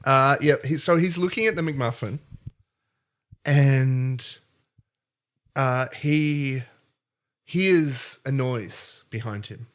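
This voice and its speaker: A man's voice: medium pitch, slow pace, pauses often. A man co-hosting a comedy podcast, retelling a story in a playful, rambling way. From not American. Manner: playful, rambling, self-interrupting. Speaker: podcast co-host.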